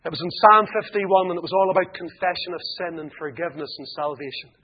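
An Irish man preaching an evangelistic sermon, swinging between loud emphatic appeals and hushed pleading. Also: high voice, fast talker, slightly rough, lo-fi sound. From Ireland.

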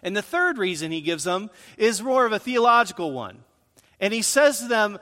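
A male pastor preaching a sermon in an animated way, his voice rising on points of emphasis, in a church sanctuary. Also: sits high, normal speed, long reverb tail.

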